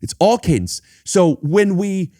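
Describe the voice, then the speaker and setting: A man hosting a relaxed podcast chat, thinking aloud and cutting himself off mid-sentence. His pitch moves lively up and down. The sound is dry and close. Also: a little slow, dry recording. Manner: animated, musing, self-interrupting. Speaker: podcast host. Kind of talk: casual chat. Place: indoor home setting.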